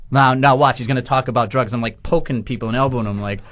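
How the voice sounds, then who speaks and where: A man from Massachusetts tells a funny story on a podcast and slips into the voices of everyone in it. His voice sits at a middle pitch for a man. The telling stays loose and animated from start to finish. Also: fast talker. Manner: animated, acts out quoted voices, laughs through the story. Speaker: guest. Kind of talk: casual storytelling.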